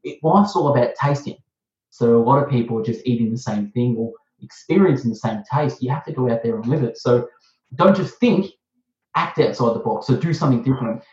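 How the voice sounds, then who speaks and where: An Australian man in mid-range pitch hosts a loose, rambling chat and keeps jumping up in pitch to stress a point. His voice sounds echoey, as if bouncing around a bare room. The whole recording is muffled and dull. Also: quick pace, darkish tone. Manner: enthusiastic, rambling, jumps up in pitch for emphasis. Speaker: host. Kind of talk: casual interview chat.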